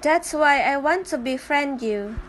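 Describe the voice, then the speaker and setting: A woman with a high voice performs a fan dub of a comic, taking every part herself. She moves from one character to the next in short exchanges and keeps an unhurried pace. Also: animated, a bit bright, faint music behind. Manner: switches between many comic characters in quick bits of dialogue.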